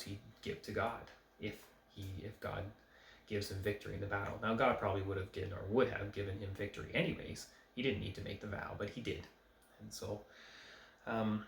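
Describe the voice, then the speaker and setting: A man giving an informal Bible study, talking in a conversational, hesitant way with many pauses and fillers. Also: lowish voice, vocal fry, echoey room, a little hiss or hum. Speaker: Bible teacher.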